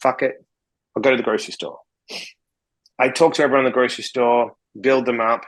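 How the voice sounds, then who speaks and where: A man's voice: mid-range voice, fairly even intonation, brisk, low-quality recording. A man from Australia, a podcast guest, telling stories bluntly and swearing freely as he acts out conversations. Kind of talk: casual interview storytelling.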